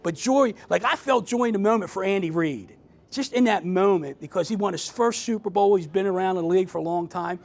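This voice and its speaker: Middle-aged guy, high gravelly voice, chatty motivational talk to a group, lots of restarts. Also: fairly quick. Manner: conversational, asks the audience questions, frequent restarts. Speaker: author speaking to a group.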